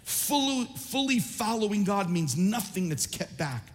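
A man preaching a sermon as pastor, impassioned and rising to shouts at times, then reading scripture more quietly. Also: sits high, sing-song, a little slow, in a large hall, a little hiss or hum.

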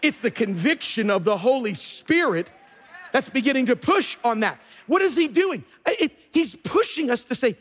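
A man preaching a sermon as pastor, emphatic and animated, jumping up in pitch for emphasis and dropping to quiet asides. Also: fairly quick, breathy edge. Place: church sanctuary. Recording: long reverb of a church hall.

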